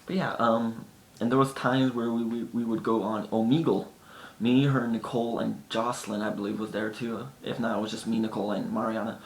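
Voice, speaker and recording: A man's voice: flat delivery, brisk. A man telling casual stories to the camera in a chatty way, sometimes acting out his friends' lines. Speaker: vlogger. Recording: echoey room with faint rumble.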